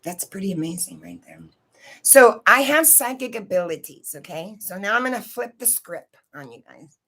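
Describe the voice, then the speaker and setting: A woman's voice: medium pitch, animated, normal speed, gravelly, a bit bright, breathy edge. Woman ranting through a story, swears a lot, keeps going "right?". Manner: profane, rambling, keeps asking "right?". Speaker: channel host telling a personal story. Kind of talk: casual storytelling to camera.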